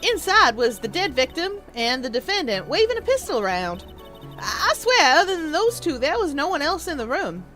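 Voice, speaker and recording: Woman doing a loud Southern gal photographer, high twangy drawl, game voice. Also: big pitch swings, moderate pace, faint music behind, exaggerated voice. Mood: storytelling. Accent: put-on American Southern. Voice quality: twangy, exclaiming.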